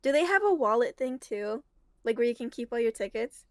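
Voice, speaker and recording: A woman chatting casually as a guest, animated and giggly as she retells things. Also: a little high, fairly quick, dry recording. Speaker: guest reviewer. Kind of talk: casual chat.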